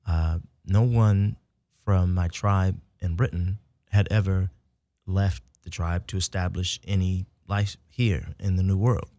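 Gravelly-voiced man telling animated stories. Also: deep voice, slow pace. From United States (south side of Chicago). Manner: animated storyteller who swings from hushed to loud and laughing, says "y'all" and "baby". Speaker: interview guest, military veteran. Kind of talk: casual storytelling conversation.

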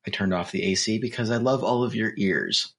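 A man's voice: fairly low pitch, a little fast, vocal fry, crowd noise. A man co-hosting a podcast, talking in a laid-back, thoughtful way with hesitant restarts. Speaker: podcast co-host. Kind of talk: casual chat.

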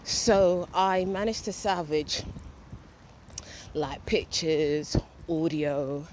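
Breathless woman host, rambling chat, headset mic, windy park, steady outdoor noise. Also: sits low, drawn-out words, rough recording. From England. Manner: chatty, rambling, swears casually. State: slightly out of breath. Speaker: podcast host. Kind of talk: casual solo podcast monologue. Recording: outdoor wind and street noise.

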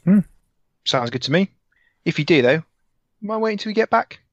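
A man's voice: high-pitched, animated, moderate pace, dry recording. Chill cocky player guy, says mate a lot, dull dry mic sound. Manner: laid-back, cocky, calls people mate. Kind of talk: in-character tabletop play.

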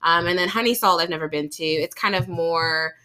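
A bright, crisp-toned woman chats casually as a podcast co-host. She tells stories in an animated way, swears freely, and acts out the people in them. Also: lowish voice, a little fast. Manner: animated, swearing, storytelling with voices.

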